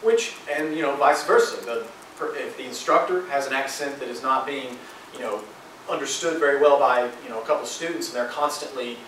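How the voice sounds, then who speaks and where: A young man presents to a class in a loose, filler-heavy way, keeping to a middle pitch. He is picked up from a distance in a very echoey room, with faint ambient noise behind him. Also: fairly quick, a bit bright. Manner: informal, many fillers. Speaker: student presenter. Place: lecture room. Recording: echoey lecture hall, distant mic.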